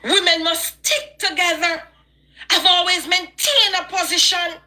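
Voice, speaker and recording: Jamaican woman ranting on a live stream, high bright voice, preachy and emphatic. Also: measured pace. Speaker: online live-stream host. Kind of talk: passionate live-stream rant.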